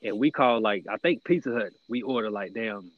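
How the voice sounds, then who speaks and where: A young man reminiscing with old friends in casual chat, laughing often and jumping into high squeaky voices when he imitates people. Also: fairly quick, no echo, narrow, tinny audio.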